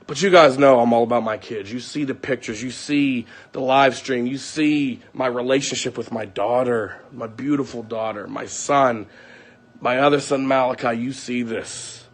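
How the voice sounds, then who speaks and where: A young man venting to his viewers in an angry, profane, unscripted rant that comes in rapid bursts. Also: mid-range voice, steady tone.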